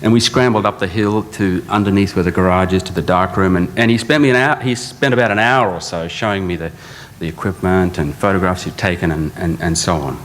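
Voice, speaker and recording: The voice is deep and a little fast: a middle-aged man, an architect, presenting a speaker with dry stories and the odd put-on accent. It's captured in a large lecture hall with a long reverb tail and a faint hum.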